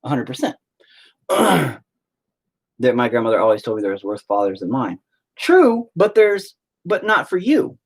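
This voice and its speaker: A man's voice: medium pitch, big pitch swings, normal speed, creaky, pauses often, slightly rough. A man telling a rambling, profane story in casual chat while live-streaming his painting.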